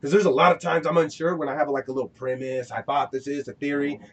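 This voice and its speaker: A man's voice: fairly high pitch, level tone, fast. A man hosting a casual podcast, rambling and preachy, often restarting his sentences. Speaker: podcast host.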